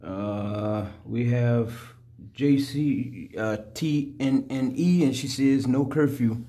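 A man's voice: medium pitch, takes it slowly, dark tone. A man on a podcast reading listener comments out plainly.

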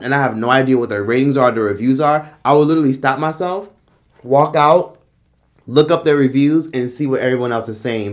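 A man giving opinionated vlog commentary in a blunt, profane, ranting way. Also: mid-range voice. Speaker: commentary vlogger.

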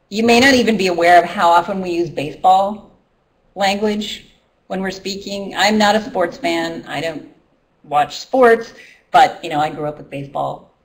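A middle-aged woman and ESL teacher presenting a training workshop in a loose, conversational way with many ums and restarts. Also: medium pitch. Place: workshop room. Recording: voice from a distance.

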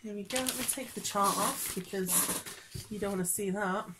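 A woman's voice: medium pitch, normal speed, heavy background noise. A woman chatting casually in a cross-stitch vlog, rambling with many fillers and frequent laughs. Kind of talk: casual chat showing stitching projects.

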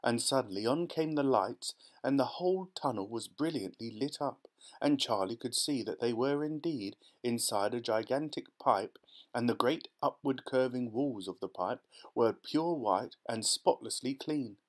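A man's voice: medium pitch, animated, a little slow. Man reading a children's storybook aloud. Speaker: audiobook narrator. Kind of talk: scripted storybook narration.

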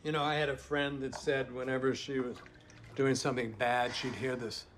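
Sitcom bartender, middle-aged, gentle and thoughtful, easy calm delivery, played by an actor. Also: male voice, mid-range voice, normal speed, slight background noise, close to an everyday voice. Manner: calm, kindly, reflective. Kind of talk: TV sitcom acting.

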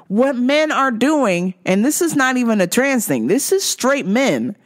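A woman hosting a podcast, ranting in a heated, profane way that swings between yelling and muttering. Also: high-pitched. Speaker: podcast host.

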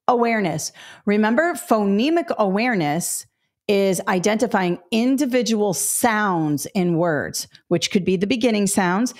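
A middle-aged woman teaching a test-prep webinar, explaining step by step, correcting herself and talking straight to viewers. Her throat is a little dry. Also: medium pitch. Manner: explanatory, self-correcting, addresses viewers directly. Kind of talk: webinar lesson.

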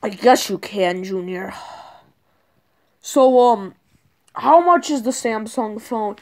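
A woman's voice: a little high, expressive, slow pace, a little mellow. A woman voicing a bossy, lazy male turtle-dragon villain king, drawling and easily annoyed in a homemade toy skit. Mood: grumpy.

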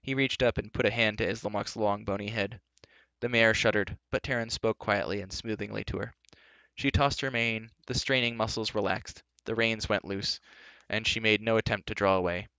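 Low, gravelly male storyteller. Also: fairly even intonation, moderate pace, sharp tone, no room sound, muffled recording. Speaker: narrator. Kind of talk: live storybook reading.

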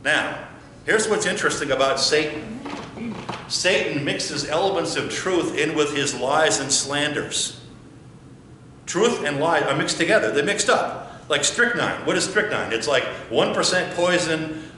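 A man's voice: fairly high pitch, bright, forceful tone, slight background noise. A male pastor preaching a sermon emphatically, firing rhetorical questions and repeating phrases for effect. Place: church sanctuary. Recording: very echoey church.

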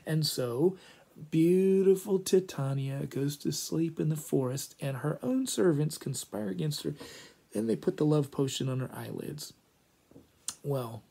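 A man retelling a play for a class in an animated, chatty way, full of asides. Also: on the high side, gravelly, slightly rough. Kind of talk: lively story retelling.

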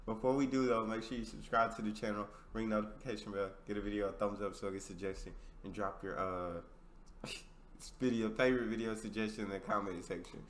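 A man's voice: on the low side, steady tone, a little fast. An American man hosting a reaction video, talking in an upbeat, hyped way. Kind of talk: casual reaction commentary.

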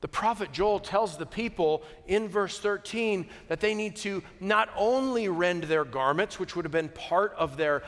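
A man preaching a sermon, earnest and unhurried, moving from quiet reflection to emphatic peaks with joking asides. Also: high-pitched. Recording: long hall reverb.

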